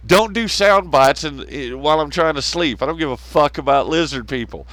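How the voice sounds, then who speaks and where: A man's voice: a little high, animated, fairly quick, few pauses, a bit bright, dry recording. A man hosting a podcast, ranting casually and sarcastically, swearing constantly and laughing at his own jokes. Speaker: podcast host. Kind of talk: profane casual rant.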